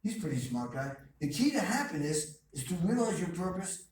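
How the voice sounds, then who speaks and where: Speaking fairly quickly in a high, sing-song and slightly mellow voice, a guest speaker gives an emphatic motivational talk at a college, leaning on stories and repeated phrases. He's captured from a distance in an echoey lecture hall with faint background noise.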